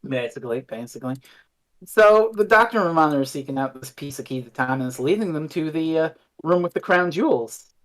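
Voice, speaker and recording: A man's voice: on the high side, a little fast. A man co-hosting a podcast, recapping an episode in casual chat and briefly acting out the characters. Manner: animated, acts out characters mid-recap. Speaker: podcast co-host.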